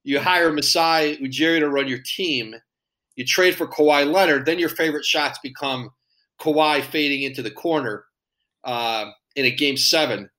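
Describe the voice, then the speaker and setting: A man hosting a relaxed chat with a fairly high, bright and forceful voice. He talks in a friendly way, laughs along with his guest and keeps the questions coming. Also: moderate pace. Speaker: podcast host. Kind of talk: casual chat.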